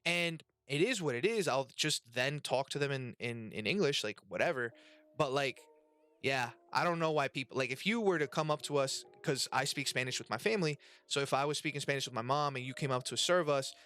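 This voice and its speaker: Bright-voiced, casual male podcast host. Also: medium pitch, a little fast, clean tone. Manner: loose and profane, reading chat messages aloud. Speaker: podcast host and restaurant server.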